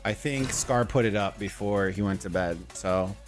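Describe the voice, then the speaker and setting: A man's voice: lowish voice, moderate pace. A man hosting a casual gaming livestream, talking loosely, rambling and greeting viewers from chat, with faint music behind him. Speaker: livestream host. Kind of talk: casual gaming stream commentary.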